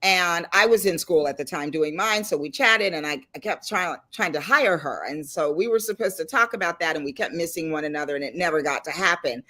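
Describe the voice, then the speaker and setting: A middle-aged woman hosting a casual chat and telling stories with animated delivery. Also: lowish voice, a little fast, few pauses. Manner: lively storyteller, animated and laughing. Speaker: host. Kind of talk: casual chat on a video call panel.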